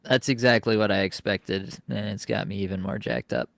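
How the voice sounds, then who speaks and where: Low-voiced man chatting on a stream. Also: normal speed, vocal fry, no room sound. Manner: excitable, laughs often. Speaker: co-host. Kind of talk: casual live-stream chat.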